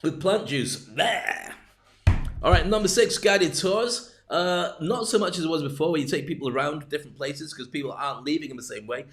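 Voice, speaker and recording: A man's voice: on the high side, normal speed. A man hosting a live-streamed business talk, rambling with jokey, self-deprecating asides. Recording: roomy echo.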